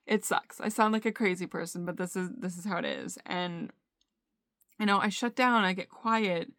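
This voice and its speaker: A young woman talks into her phone camera for a personal video diary, speaking in a middle-pitched voice. She talks haltingly, stopping and restarting often. The room sound is dry and close. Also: fairly even intonation, no room sound. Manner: halting, frequent fillers and restarts. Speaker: vlogger.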